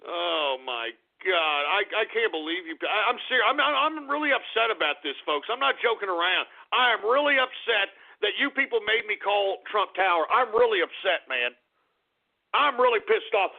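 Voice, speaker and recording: Male call-in radio host, ranting, high and gravelly, tinny lo-fi sound. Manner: ranting, exasperated, stammering and swearing. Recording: phone-like lo-fi radio audio.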